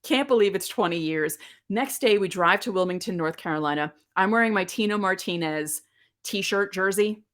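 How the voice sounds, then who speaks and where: A woman's voice: medium pitch, moderate pace, a bit bright. A woman in her thirties hosting a podcast, telling a nostalgic story in a chatty way with lots of asides. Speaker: podcast host. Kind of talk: casual solo podcast talk.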